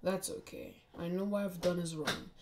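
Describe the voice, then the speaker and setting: A woman voicing a remorseful adult male swordsman who talks quietly in a storybook reading. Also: on the low side, steady tone, moderate pace, noisy background, close to an everyday voice. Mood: subdued.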